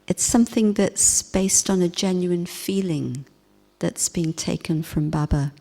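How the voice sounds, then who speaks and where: A woman gives a spiritual talk in a low, mellow voice, unhurried and reflective. Her gentle, softly emphatic delivery carries a long reverb from a hall. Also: creaky. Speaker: spiritual teacher.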